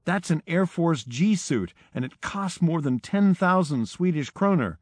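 A woman's voice: on the low side, animated, measured pace, darkish tone, no room sound, pitched above the performer's own voice. A man putting on a curt head nurse. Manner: curt, scolding. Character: brisk no-nonsense female head nurse.

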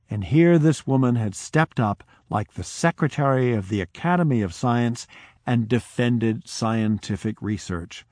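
A male researcher recounts a story from his fieldwork in a slow, deliberate storytelling voice. His pace is unhurried and measured. The sound is dry and close. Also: medium pitch, a little mellow, no room sound. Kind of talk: storytelling talk.

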